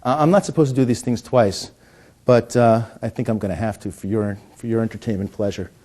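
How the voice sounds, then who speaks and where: A middle-aged man with a fairly low, dark voice speaks briskly and with fairly even intonation. He performs coin magic with pun-laden jokes, then teaches it, stammering and restarting along the way.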